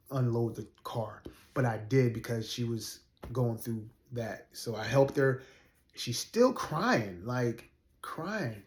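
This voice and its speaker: A man's voice: mid-range voice, fairly bright tone. A man in his forties, a rideshare driver, telling a personal story in a casual, earnest way, with many fillers and restarts. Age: 40s. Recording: roomy echo.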